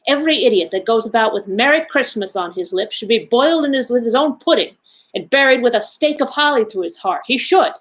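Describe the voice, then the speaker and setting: A woman's voice: mid-range voice, moderate pace, natural voice. A stern, bitter old miser snaps out his words with indignation, as a woman reads him aloud. He sounds grim and sour, in a storybook telling. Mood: indignant.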